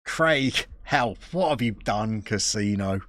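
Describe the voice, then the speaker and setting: A man's voice: lowish voice, lively intonation, takes it slowly, fairly bright tone, no echo, clean studio sound. A man chatting casually on a live game stream, reading viewer messages in a chatty, self-deprecating way. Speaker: Football Manager streamer.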